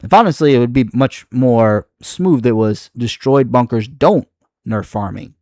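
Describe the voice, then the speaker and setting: A man's voice: medium pitch, unhurried, darkish tone, no echo, studio quality. A man reacting to online comments in his video, exasperated and profane, rambling with frequent restarts. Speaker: video creator.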